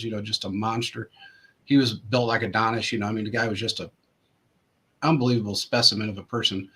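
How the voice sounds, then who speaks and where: A man's voice: mid-range voice, normal speed, pauses often, a bit bright, breathy edge. A man hosting a show, telling long rambling anecdotes in casual chat, full of restarts and fillers. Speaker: show host.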